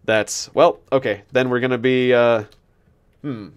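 His voice is mid-range, steady, and clean, and he speaks unhurriedly while hosting a gaming video. The let's-play commentary rambles, full of self-mockery, laughter at his own jokes, and restarted sentences as he thinks aloud.

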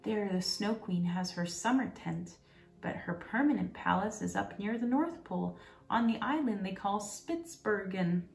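A woman's voice: medium pitch, expressive, unhurried, creaky, a little mellow. A woman voicing a proud reindeer who longs for the snow, in a storybook reading. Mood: longing. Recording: roomy, distant, faint music.

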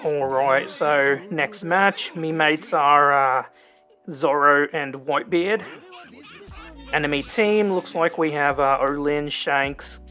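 A man's voice: on the high side, slow, pushed and bright, soft background music. A man with a put-on, exaggerated Australian accent giving rambling gameplay commentary, tacking "mate" and "right?" onto his lines. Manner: hams up a jokey Aussie persona, tags lines with "mate" and "right?"; rambling, self-talking with many ums. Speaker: gaming channel host.

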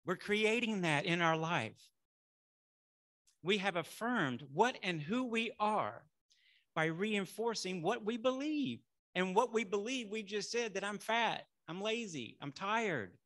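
A middle-aged male minister preaching a sermon in a conversational way, saying y'all and building to loud affirmations. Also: sits high, expressive, unhurried.

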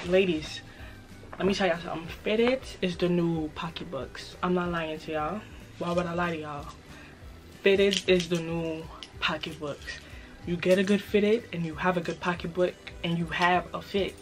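A young woman with a New York accent and a slightly raspy voice, hosting a casual haul video and hyping her purchases to viewers in a playful way. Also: lowish voice, fairly even intonation, moderate pace, over music. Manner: playful, hyped, repeats phrases, talks straight to viewers. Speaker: fashion vlogger.

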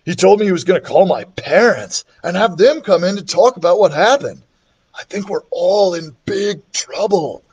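Guy doing a cocky little schoolboy, raised squeaky voice, whispery and eager, storybook reading. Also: lively intonation, moderate pace, a little mellow, husky, muffled recording, full character voice. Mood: worried. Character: bragging mischievous schoolboy Ryan.

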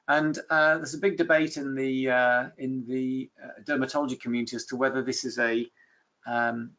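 A man's voice: medium pitch, vocal fry, fairly bright tone, lo-fi sound. A man giving a webinar lecture, telling clinical case stories in a conversational way with many fillers and restarts.

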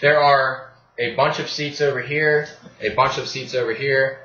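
A man's voice: medium pitch, fairly even intonation, measured pace, sharp tone, a little hiss or hum. A man narrating a tabletop game as game master, describing scenes with fillers and restarts. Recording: echoey, dull room recording.

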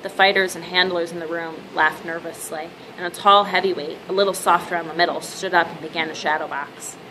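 A woman reading a novel aloud as narrator with a steady, measured delivery. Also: on the low side, noisy background. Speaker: audiobook narrator. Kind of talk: scripted narration.

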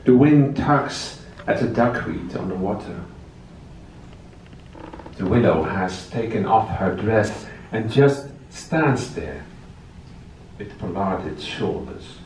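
A man reading his poetry aloud in a slow, measured recitation at a library event. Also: on the low side, lively intonation, a little mellow, a little hiss or hum. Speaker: poet. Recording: echoey room, distant mic.

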